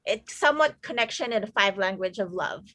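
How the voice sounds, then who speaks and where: A woman's voice: mid-range voice, expressive, a little fast, a bit bright, no echo. A woman taking part in a casual group discussion, speaking hesitantly and searching for her words. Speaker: discussion participant.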